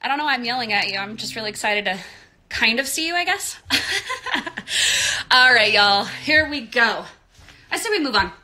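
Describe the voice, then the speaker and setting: Bright, lively American dance teacher counting. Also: female voice, on the high side, normal speed, pauses often. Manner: counts beats aloud and sings steps. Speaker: dance instructor. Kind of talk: live online dance class. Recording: roomy studio, mic at a distance.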